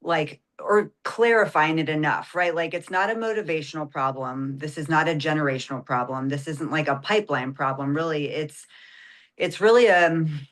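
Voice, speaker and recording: A woman's voice: sits low, normal speed. A woman, an ER nurse guest, explaining in a radio interview and often adding "right?" and "like".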